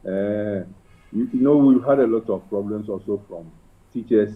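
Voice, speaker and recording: A man's voice: fairly low pitch, normal speed, recorded from a distance, phone-quality sound. A man hosting a radio interview who mostly offers brief encouraging interjections. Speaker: radio host. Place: radio studio.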